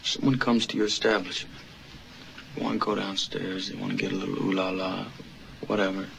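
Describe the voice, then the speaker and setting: An actor playing a gruff, weary police detective in a film drama, with a gravelly voice. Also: male voice, low voice, little pitch movement, brisk, background noise. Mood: probing.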